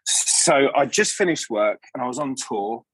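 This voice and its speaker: Male stage actor as interview guest, husky tone, dry close mic, chatty and digressive. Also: mid-range voice, lively intonation, measured pace, fairly bright tone, no echo. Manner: rambling, self-interrupting anecdotes with many restarts. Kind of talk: casual interview storytelling.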